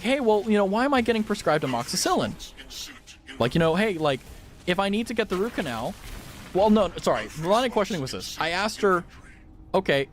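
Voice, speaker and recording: A young man streaming a game and telling a rambling, swear-heavy story in casual chat, laughing loudly at times. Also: sits high, slight background noise. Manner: animated, loud laughs. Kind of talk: casual chat while gaming.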